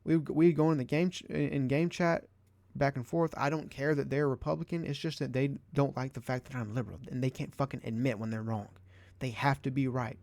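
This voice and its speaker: Young male vlogger, exasperated and cussing. Mid-pitched, dry sound. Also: fairly even intonation, fairly quick, vocal fry, darkish tone, no echo. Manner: profane, exasperated, sarcastic. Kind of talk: ranting commentary.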